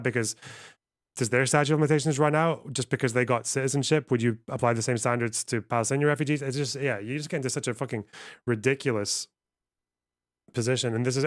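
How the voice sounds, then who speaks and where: A man's voice: medium pitch, dry recording, clean studio sound. Profane man streaming live. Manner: profane, rambling, reacting to chat. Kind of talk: casual live-stream chat.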